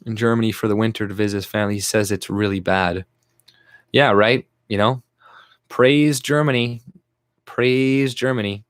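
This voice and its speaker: A man's voice: on the low side, fairly even intonation, brisk, fairly bright tone, dry recording, clean studio sound. Blunt, profane man ranting. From Canada. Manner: blunt, profane, laughs often. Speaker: livestream host. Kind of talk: casual livestream rant.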